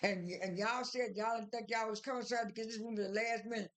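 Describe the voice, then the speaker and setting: A woman's voice: on the high side, fairly even intonation, quick pace. A woman casually recapping a reality TV episode, rambling through many fillers and restarts as she retells the cast's lines. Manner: retells dialogue in an informal voice.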